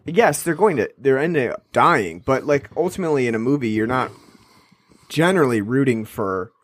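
A man's voice: medium pitch, lively intonation, moderate pace, slight background noise. A man co-hosting a podcast, chatting casually about a film, rambling with many restarts and fillers. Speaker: podcast co-host. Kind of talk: casual film review chat.

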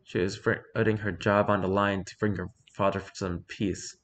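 A man narrating a story in a calm, measured reading. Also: sits low.

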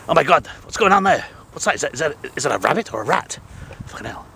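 A man in his forties with a Northern English accent rambles through a crude, joking outdoor vlog while climbing sand dunes. He sounds winded, with a faint hum of wind and outdoor ambience behind him. His pitch sits in a middling range. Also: lively intonation, fast, vocal fry, few pauses, sharp tone. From England. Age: 40s. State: out of breath. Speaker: vlogger.

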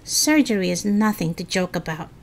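A woman reading a storybook aloud and voicing a quick, outspoken third-grade girl in a higher voice. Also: animated, gravelly, a little hiss or hum. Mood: matter-of-fact.

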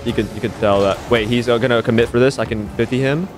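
Young male gamer, mid-pitch, hyped play-by-play with jumpy highs, beat music underneath. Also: fast. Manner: excitable, swears, self-mocking, voice leaps up high when hyped. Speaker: gaming YouTuber. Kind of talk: live gameplay commentary. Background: background beat music.

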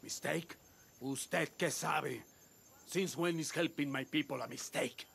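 A man's voice: fairly high pitch, unhurried, creaky, a bit bright, breathy edge, full character voice. An actor playing a proud, defiant male Latin American rebel leader with a Latin American Spanish accent and an impassioned voice.

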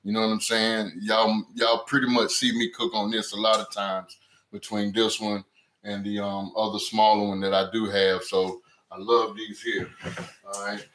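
A man's voice: lowish voice, level tone, moderate pace, fairly bright tone, a little hiss or hum. A man hosting a home cooking live stream in casual chat, greeting viewers by name and often repeating "you know what I'm saying". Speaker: cooking channel host. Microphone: camera mic on a stand. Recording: roomy echo.

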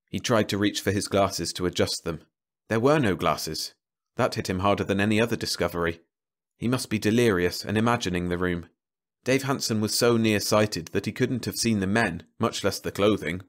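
A man narrating a science fiction novel as an audiobook, with a slow, even storytelling delivery. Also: fairly low pitch.

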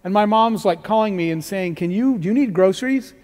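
A middle-aged man on stage telling stories with lively energy, punching up key lines and playing out the dialogue. His voice sits high for a man. The sound carries the long ring of a big hall. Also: brisk. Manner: energetic storytelling, acts out dialogue, rising emphasis. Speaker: keynote speaker. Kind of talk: motivational talk with stories.

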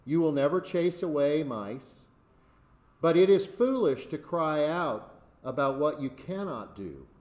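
A man's voice: on the high side, lively intonation, unhurried, reverberant. A man reading as a wise old dog. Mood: consoling. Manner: gentle, consoling.

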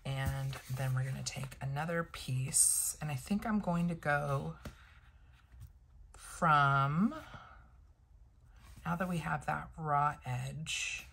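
Woman vlogger, unhurried and gravelly, talks viewers through her crafting as she thinks aloud. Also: deep voice, a bit bright, slight background noise, low-quality recording. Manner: chatty, thinks aloud, addresses viewers directly. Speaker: planner and sticker vlogger. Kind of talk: casual crafting tutorial.

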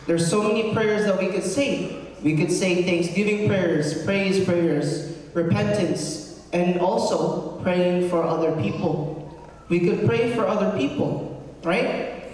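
Young deacon preaching in an echoey cathedral. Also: male voice, high-pitched, slow, a little mellow. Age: young adult. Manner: earnest, conversational preaching with fillers. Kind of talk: sermon. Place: large cathedral. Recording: echoey cathedral, mic from far off.

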